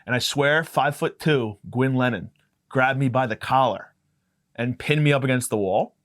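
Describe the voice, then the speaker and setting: A man's voice: mid-range voice, normal speed, a bit bright, no echo. Profane rambling podcast man, dry close mic. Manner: profane, rambling, self-mocking. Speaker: podcast host. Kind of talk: casual comedic storytelling.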